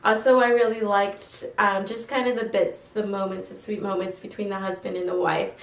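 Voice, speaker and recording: A woman's voice: mid-range voice, little pitch movement, moderate pace, creaky. Gushing young woman in a roomy space. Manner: gushing, chatty, many fillers. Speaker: film reviewer. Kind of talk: casual film review vlog. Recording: roomy, mic at a distance.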